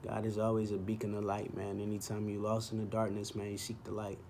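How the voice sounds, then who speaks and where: A man's voice: on the low side, monotone, quick pace, dark tone, a little hiss or hum. A young man hosting his vlog, speaking an earnest personal testimony straight to the camera. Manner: earnest, heartfelt, fond of "man". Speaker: vlog host.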